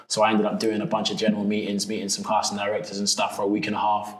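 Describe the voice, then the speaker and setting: Low-voiced man telling a story. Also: racing, hardly any pauses. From England. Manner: animated storyteller, acts out quotes. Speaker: guest. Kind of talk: storytelling in an interview. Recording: roomy echo.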